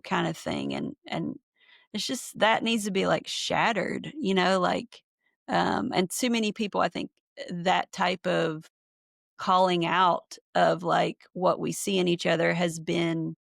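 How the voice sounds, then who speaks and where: A woman's voice: on the low side, gravelly, no room sound, studio quality. A woman hosting a casual podcast chat, thinking aloud with lots of fillers and enthusiasm. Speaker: podcast host, therapist. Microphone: remote call.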